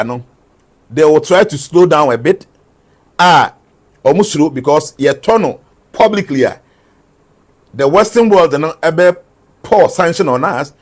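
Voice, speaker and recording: A man's voice: on the high side, slightly rough. A man delivering numbered prophetic forecasts, repeating each one and switching between English and a local language. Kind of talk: numbered predictions mixed with local-language asides.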